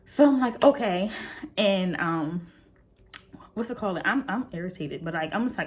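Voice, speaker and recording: A woman's voice: medium pitch, lively intonation, moderate pace. A young woman telling a casual storytime, chatty and full of fillers, talking straight to her viewers. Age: young adult. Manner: chatty, frequent fillers, addresses viewers directly. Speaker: vlogger.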